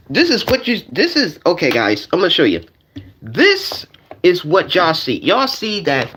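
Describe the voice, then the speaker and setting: A man's voice: a little high, slight background noise. Male streamer doing a comic rant to his chat, voice swinging up and down a lot, keeps repeating himself. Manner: animated, repetitive, addresses the audience directly. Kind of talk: comedic rant to a live chat.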